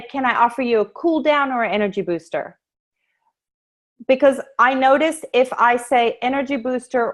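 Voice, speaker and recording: A woman leading an online sales training, talking through her table pitch in a brisk, chatty way and acting out what she says to customers, heard over a video call. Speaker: essential oils sales trainer. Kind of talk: casual screen-share training talk.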